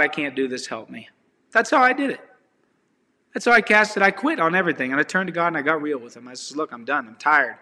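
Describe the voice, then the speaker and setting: A man's voice: high voice, sharp tone, long reverb tail. A man giving an informal, earnest testimony and sermon, talking in a raw and confessional way straight to his viewers. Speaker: online preacher.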